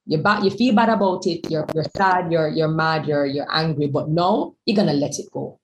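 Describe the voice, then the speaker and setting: A woman's voice: low-pitched, normal speed, slight background noise, rough recording. A woman guest speaker in a candid conversation, talking emphatically and repeating words as she gathers her thoughts.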